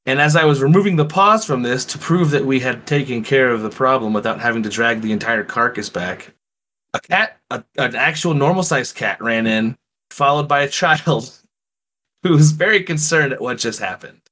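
A man playing a tabletop game, joking and animated as he speaks in character. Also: medium pitch, normal speed. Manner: joking and animated, laughs often. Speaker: player. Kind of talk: casual in-character game chat.

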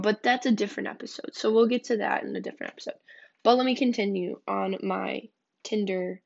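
On a dull, lo-fi recording, a young adult podcast host shares her dating stories in a frank, blunt manner, swearing without restraint. Her voice sits in the mid-range, slightly mellow, with vocal fry, in a casual storytelling format.

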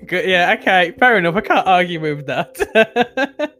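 A man hosting a casual podcast interview, chatty and quick to laugh. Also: high-pitched. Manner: chatty, laughs often, relaxed questions. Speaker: podcast host.

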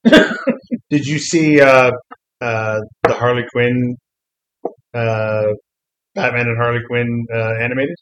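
A man's voice: mid-range voice, slow, long pauses, low-quality recording. A man in a casual comics chat who retells scenes with lots of energy and acts out the quotes. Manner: animated storyteller, acts out quotes.

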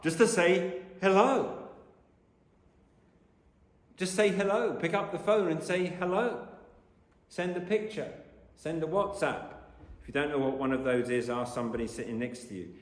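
Emphatic preacher in an echoey hall. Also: male voice, medium pitch. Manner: earnest, emphatic, repeats key phrases. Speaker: pastor. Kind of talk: sermon. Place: church.

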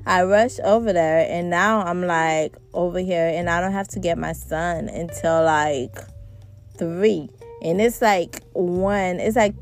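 A woman's voice: on the low side, a little mellow. A young woman hosting a parenting podcast, chatting casually and calling her listeners y'all. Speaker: podcast host. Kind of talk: casual chat.

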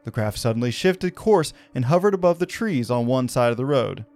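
A man's voice: medium pitch, animated, a little fast, a little mellow. A man hosting a podcast, telling a story in a casual, conversational way with fillers. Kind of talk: conversational narration of a paranormal story.

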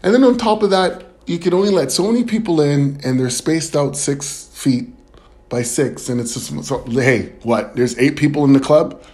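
A man performing a stand-up comedy set, telling a story in an animated way with laughs and quick acted quotes. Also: on the high side. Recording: loud crowd and noise behind. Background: crowd laughter and room noise.

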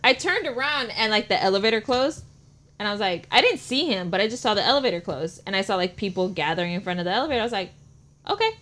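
A woman's voice: medium pitch, expressive, fast, a bit bright. A woman in casual chat, blunt and profane, who rambles with lots of likes.

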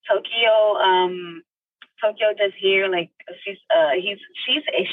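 A young woman with a husky, breathy voice tells her story on a podcast. She is animated and heartfelt, and swings high when she acts out what people said. The sound is dry, from a mic a little way off. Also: dry recording, recorded from a distance, narrow, tinny audio. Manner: animated, emotional, acts out quotes with big pitch jumps; heartfelt, faith-filled tone. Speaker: actress guest.

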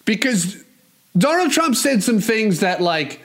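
A man's voice: high voice, very animated, a little slow, fairly bright tone. A man hosting a solo podcast, ranting in a profane, mocking and rambling way. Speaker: podcast host.

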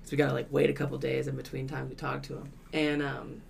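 Man, casual podcast talker, gravelly fry, profane and laughing storyteller. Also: mid-range voice, fast, a little hiss or hum. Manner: swears freely, laughs through lively retellings.

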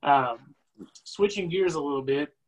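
A man co-hosting an interview, speaking in a steady, supportive way. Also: on the high side, measured pace, poor audio. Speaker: co-host. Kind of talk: podcast interview.

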